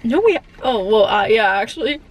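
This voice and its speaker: A woman's voice: on the high side, lively intonation, moderate pace, background noise. A young woman chatting casually with a friend, playful and jokey. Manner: playful, jokey, bursts into song. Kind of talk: casual chat. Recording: music playing in the background.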